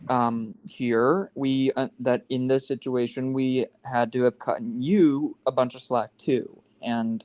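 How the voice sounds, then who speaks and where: A man's voice: mid-range voice, fairly even intonation, slow pace, few pauses, darkish tone, dry recording. A man in his twenties talks on a casual live stream over a video call. He rambles earnestly, circling back and restarting his sentences as he explains himself. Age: 20s.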